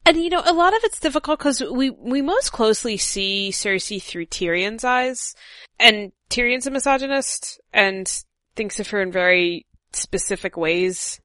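A woman's voice: fairly high pitch, expressive, normal speed, a bit bright, dry recording, studio quality. A young woman co-hosting a casual book-discussion talk show, reading passages aloud with dramatic expression. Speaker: podcast co-host.

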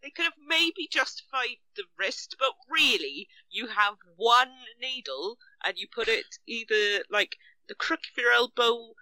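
A woman joins a casual podcast discussion. Her voice is strikingly bright and a little high, and she speaks matter-of-factly. The recording is dry and close. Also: expressive, unhurried, no echo, rough recording. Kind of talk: casual film review chat.

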